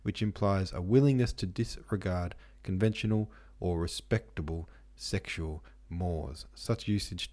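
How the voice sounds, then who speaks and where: Low and darkish in tone, this man's voice belongs to a book podcast host. In a casual book-club discussion, he reads listener comments and reference passages aloud, chatting through them in a musing way with lots of ums and asides.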